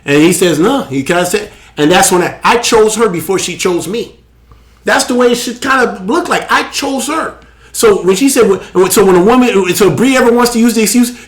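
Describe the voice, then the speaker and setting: A man hosting a live show, preaching with emphatic, animated delivery and laughing asides. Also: sits high, normal speed. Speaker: host.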